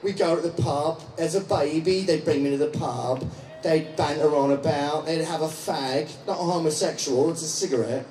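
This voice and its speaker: A man's voice: fairly high pitch, normal speed, darkish tone, echoey room, recorded from a distance, a little hiss or hum, low-quality recording. Crude joking man addressing a crowd. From Scottish parents, raised in England and Canada. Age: 40s. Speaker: public speaker. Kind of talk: outdoor crowd speech.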